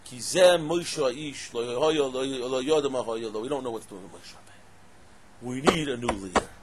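A man giving a lively Torah class, asking rhetorical questions and breaking into loud exclamations. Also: mid-range voice, fairly quick, noisy background. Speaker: Torah teacher.

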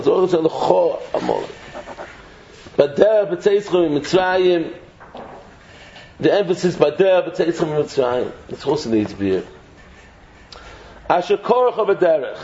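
A man teaching an animated Torah shiur, repeating words as he builds each point and mixing English with Hebrew and Yiddish terms. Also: a little high, vocal fry. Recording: echoey, dull, faint noise.

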